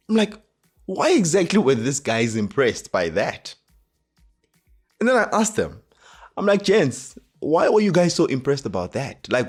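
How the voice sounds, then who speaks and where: A man with a South African accent, hosting a motivational talk and telling a personal story, acting out the dialogue with animation. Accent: South African English. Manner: animated, acts out dialogue with rising pitch. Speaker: host.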